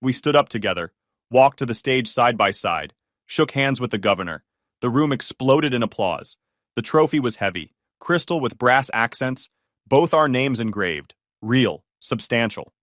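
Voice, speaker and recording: A man narrating a first-person family drama story in a dramatic, expressive storytelling manner. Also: medium pitch, normal speed, no echo, clean studio sound.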